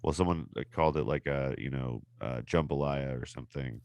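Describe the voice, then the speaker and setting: Deep, smooth-voiced male podcast host. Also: fairly quick, a little mellow, dry recording. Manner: loose, rambling explanations with frequent fillers. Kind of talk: casual podcast chat.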